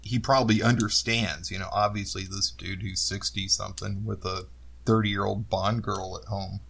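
A man co-hosting a casual film discussion, relaxed and explaining phrases, often laughing. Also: on the low side, normal speed, gravelly. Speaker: podcast co-host.

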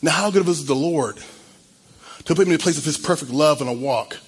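Man in his fifties, husky voice, a bit high, earnest heartfelt sermon, stumbling restarts. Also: fast talker. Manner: earnest, emotional testimony with many restarts. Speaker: pastor.

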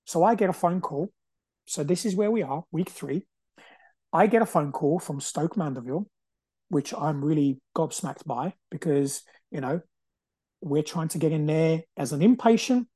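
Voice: mid-range voice, moderate pace, warm tone, breathy edge, no echo. A podcast host in their forties, talking through a personal story in an emphatic, determined way and repeating phrases for stress. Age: 40s.

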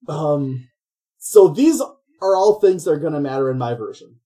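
A podcast host retelling a film plot in a loose, rambling way, stopping often to act out the characters. The voice is mellow and dark, and the pitch sits in the middle range. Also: normal speed. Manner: rambling, animated storytelling with voices. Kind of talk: casual comedic film recap.

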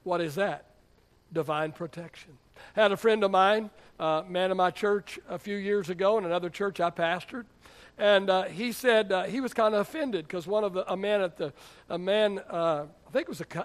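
A man's voice: sits high, normal speed. A middle-aged man preaching a sermon as pastor, emphatic, with rhetorical questions and playful asides.

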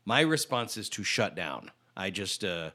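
A man's voice: low voice, a little slow. A man co-hosting a podcast, chatting casually and joking playfully with his friend. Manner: playful, joking, lively delivery. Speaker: podcast co-host. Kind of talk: casual comedic chat.

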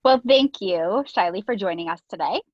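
A woman's voice: mid-range voice, animated, moderate pace, no echo, highs cut off. A woman hosting a podcast over a video call, asking questions in an easygoing way and thanking her guest. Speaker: podcast host. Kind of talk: casual interview. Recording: dry video call audio.

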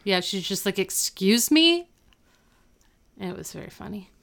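A woman's voice: medium pitch, level tone, quick pace, gravelly, fairly bright tone. A woman in casual chat, recapping a TV episode with lots of "like" and acting out the characters' lines. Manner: chatty, peppered with "like", acts out the characters' lines.

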